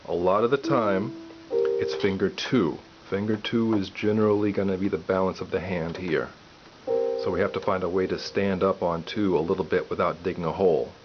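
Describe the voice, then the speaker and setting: A man giving a piano lesson, calmly explaining step by step and counting aloud. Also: low-pitched. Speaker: piano teacher. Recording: dull lo-fi audio with loud piano.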